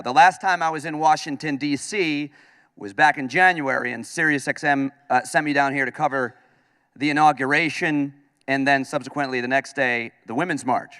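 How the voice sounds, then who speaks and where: This is a slightly high, clear and resonant male voice. The speaker, a radio host from upstate New York, performs a comedic speech in a large conference hall, animatedly acting out his own lines while storytelling, and the space has long reverb.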